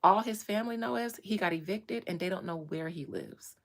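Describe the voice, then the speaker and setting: A woman speaks, pouring out a personal story in an impassioned way. She hammers points home by repeating phrases, at a middle pitch for a woman. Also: fairly quick.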